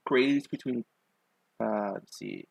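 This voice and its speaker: A man's voice: medium pitch, wildly swooping pitch, slow, creaky, no echo, poor audio. A young man telling a rambling story while streaming himself drawing, full of "like" fillers and self-mocking asides.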